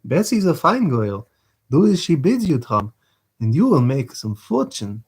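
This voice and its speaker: A man's voice: on the high side, huge pitch swings, unhurried, darkish tone, husky, pitched above the performer's own voice, full character voice. A man reading aloud voices a scheming old male fence with a wheedling, coaxing manner. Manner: wheedling, calls everyone my dear.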